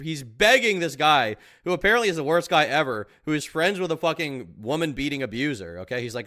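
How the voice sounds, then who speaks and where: A man's voice: on the high side, expressive, brisk, few pauses, pushed and bright, no echo, studio quality. A man streaming reaction commentary, mocking and incredulous, swearing often and breaking into laughter.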